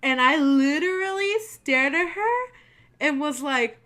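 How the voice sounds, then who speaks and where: A woman's voice: sits high, lively intonation, slow, sharp tone. A young woman hosting her channel, chatting casually and telling spooky stories, swearing freely and acting out what people said. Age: young adult. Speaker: channel host.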